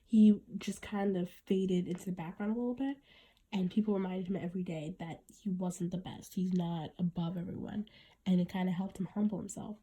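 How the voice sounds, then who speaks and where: A woman's voice: lowish voice, fairly even intonation, brisk, warm tone, husky. A woman hosting her own podcast, talking in an earnest, reflective way and often restarting her sentences. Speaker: podcast host. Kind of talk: casual podcast monologue.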